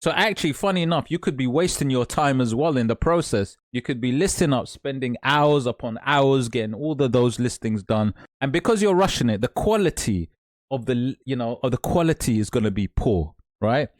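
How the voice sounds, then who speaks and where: A man's voice: medium pitch, lively intonation, moderate pace, dry recording, clean studio sound. A man, an online business coach, giving emphatic direct advice and repeating his points. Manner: emphatic, repeats points, calls listener mate. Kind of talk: direct-to-camera advice talk.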